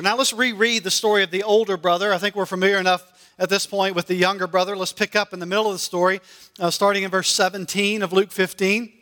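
A high, bright male voice delivers a sermon, reading scripture and then explaining it. He speaks earnestly and stretches out key words for emphasis. A long reverb hangs on his words, as in a hall. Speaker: pastor.

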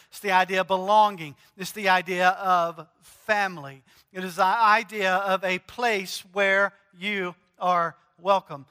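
A man preaching a conversational sermon, animated and joking as he speaks straight to the congregation. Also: high voice, in a large hall. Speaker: pastor.

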